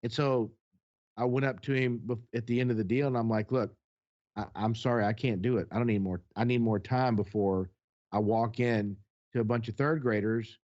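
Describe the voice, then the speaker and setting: A podcast co-host, a man, tells a heated personal story in a mid-pitched voice. He acts out each exchange with blunt, profane directness. The recording sounds a little dull and lo-fi. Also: steady tone, normal speed, darkish tone. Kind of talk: casual chat, storytelling.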